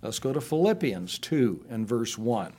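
A middle-aged man preaching a sermon, reading scripture aloud and slowing down with rising emphasis on the key words. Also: sing-song, warm tone. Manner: slows and rises in pitch to stress scripture he reads aloud.

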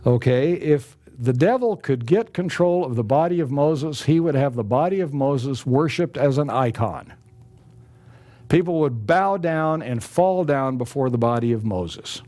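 A male preacher delivers a sermon in a mellow, warm voice. He speaks earnestly and emphatically. He slows down to stress each scripture he quotes. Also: mid-range voice, lively intonation.

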